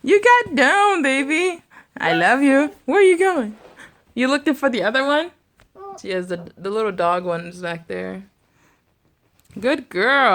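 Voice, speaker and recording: A woman's voice: medium pitch, a bit bright. A young mother at home in her bedroom, talking to her toddler in coaxing, sing-song baby talk and often laughing. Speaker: vlogger mother.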